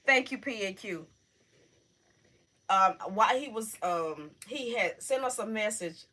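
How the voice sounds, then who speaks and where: A middle-aged woman hosting a casual livestream, talking emotionally and haltingly to her viewers, close to tears. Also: medium pitch, expressive, pushed and bright. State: on the verge of tears. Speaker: livestream host.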